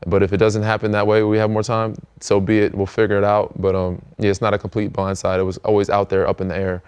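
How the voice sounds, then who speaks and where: A man's voice: fairly low pitch, fast talker, smooth. An American man in his thirties, a podcast host chatting casually with plenty of fillers. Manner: relaxed, rambling, many fillers. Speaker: podcast host, pro basketball player. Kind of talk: casual chat.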